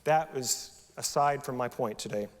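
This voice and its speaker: A man's voice: medium pitch, moderate pace, long reverb tail, very noisy. A male pastor preaching a sermon in a conversational style, often asking the congregation rhetorical questions. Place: church sanctuary.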